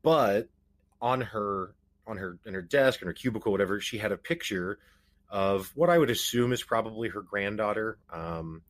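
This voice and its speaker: Man, podcast host, casual rambling talk, low voice, dry recording. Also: normal speed, no room sound. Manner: rambling, hesitant, many restarts and "like". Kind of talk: casual conversation.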